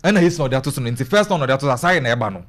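A man's voice: medium pitch, expressive, very fast, a bit bright. A man hosting a casual talk show, emphatic and directing his producer to play clips. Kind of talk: casual radio-style chat.

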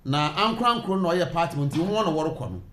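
A man's voice: fairly high pitch, animated, fast talker, a bit bright. A man co-hosting a casual talk show, steadily recounting the news. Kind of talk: casual radio-style chat. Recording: roomy echo.

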